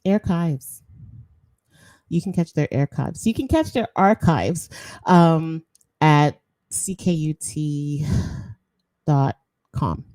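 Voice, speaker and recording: A chatty woman host, talking casually and slipping into patois between laughs. Her voice sits low and mellow. The recording is dry and close. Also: slow, long pauses, no echo. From Jamaican roots. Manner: chatty, animated, laughs often, slips into patois. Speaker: podcast host. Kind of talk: casual chat.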